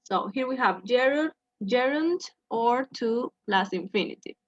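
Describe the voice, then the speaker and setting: A woman teaching an English grammar lesson, speaking slowly and checking in with "okay" after each point. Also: a little high, animated, no room sound. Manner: slow, repeats "okay" to check in with students. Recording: dull lo-fi sound.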